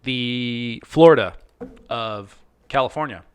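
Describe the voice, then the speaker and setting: A man's voice: medium pitch, slow pace, smooth, dry recording. A man in his thirties co-hosting a casual podcast while drinking, boisterous and profane, jumping between topics. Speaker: podcast co-host.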